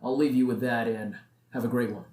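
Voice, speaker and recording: A man's voice: medium pitch, steady tone, fairly quick, darkish tone. A nineteen-year-old man hosting a solo podcast, talking in a casual, earnest, motivational way. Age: late teens. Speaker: podcast host. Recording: echoey room.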